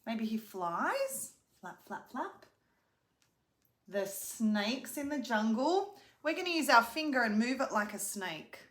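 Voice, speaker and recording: A high, bright young woman speaks slowly and carefully as she teaches children hand signs. Her sing-song delivery rolls into a simple animal song. Her voice carries a roomy echo. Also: sing-song. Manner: sing-song, slow and clearly paced for a child. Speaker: speech pathologist teaching signs. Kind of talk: children's sign-and-sing lesson.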